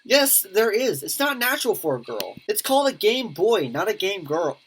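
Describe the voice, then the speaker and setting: Reading a visual novel's dialogue aloud in a let's play, this gaming YouTuber gives each character a different voice and breaks off for commentary, reacting quickly and laughing. Her mid-range voice swings widely in pitch over slight background noise.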